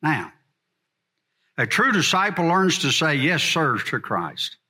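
A man's voice: a little high, wildly swooping pitch, slow, sharp tone, breathy edge. A middle-aged man teaching a church congregation in a blunt, folksy sermon style. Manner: folksy and blunt, drawling asides.

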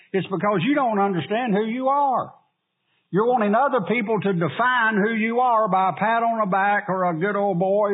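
A man preaching a sermon, asking the congregation questions and pausing for answers. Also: high voice, breathy edge, phone-quality sound. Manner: preaching with call-and-response questions. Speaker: pastor.

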